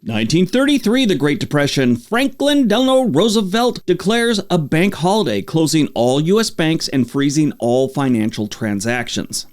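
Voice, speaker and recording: A man's voice: on the high side, big pitch swings, moderate pace, hardly any pauses. A man hosting a daily history podcast, reading dates and adding casual, conversational asides. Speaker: podcast host.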